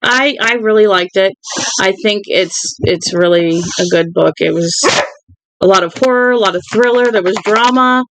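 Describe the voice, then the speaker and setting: A woman reading a novel aloud in a plain, unhurried way, then chatting casually and warmly with her listeners at home. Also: mid-range voice, a little hiss or hum, poor audio. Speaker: audiobook reader.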